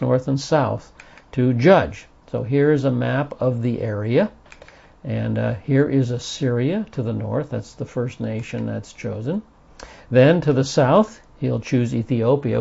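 Gravelly-voiced man teaching scripture. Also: medium pitch, warm tone, lo-fi sound. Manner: explanatory, reads scripture aloud with emphasis. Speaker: Bible teacher. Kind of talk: Bible study lecture.

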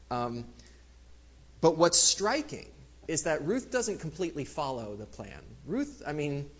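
A man giving a casual, lively Bible lecture, with many fillers, acting out the quoted lines. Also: on the high side, muffled recording. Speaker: Bible teacher. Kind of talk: lecture on scripture.

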